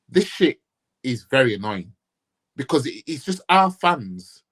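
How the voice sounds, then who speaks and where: A blunt man from Yorkshire rants into the camera as a football fan vlogger, swearing and firing off rhetorical questions. His pitch swings widely as he repeats himself for emphasis. His voice has a husky, slightly rough edge. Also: sing-song, unhurried, fairly bright tone. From Yorkshire, England. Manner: blunt, profane, repetitive ranting with rhetorical questions. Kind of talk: ranting casual vlog.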